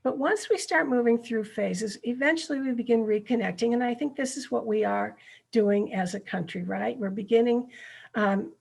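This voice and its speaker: A woman's voice: a little high, normal speed, creaky, a little mellow, husky. A middle-aged woman presenting a ministry workshop over a video call, speaking earnestly and checking in with her listeners.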